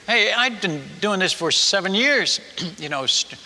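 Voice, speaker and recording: A man telling a personal story in a sermon, chatty and animated, stumbling over restarts and asking the audience questions. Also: high voice, unhurried. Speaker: missionary preacher. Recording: echoey hall.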